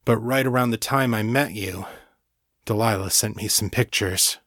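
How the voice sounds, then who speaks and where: A man reading a young male incubus priest weighed down by guilt, his voice rough and heavy with emotion. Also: fairly low pitch, normal speed, fairly bright tone, no echo, studio quality. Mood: grave.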